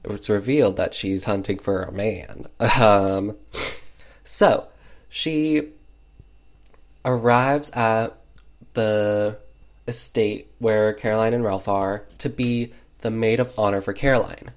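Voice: medium pitch, slow pace. A film reviewer recapping a movie in casual chat, full of fillers and sarcastic asides.

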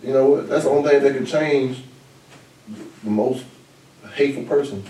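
A man hosting a podcast in casual chat, blunt and animated, talking in quick bursts. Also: medium pitch, recorded from a distance, slight background noise. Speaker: podcast host. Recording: roomy echo, mic set back.

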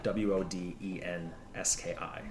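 A man running a tabletop game, giving a grave in-character briefing with halting restarts. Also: sits low, level tone, noisy background. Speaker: game master. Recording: echoey room.

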